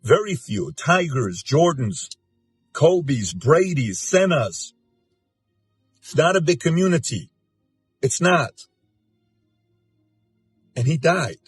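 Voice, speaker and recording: A man's voice: on the high side, very animated, slow pace, long pauses, breathy edge. Earnest, emphatic man in his forties. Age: 40s. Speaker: host. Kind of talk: emotional spoken tribute. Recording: music bed underneath.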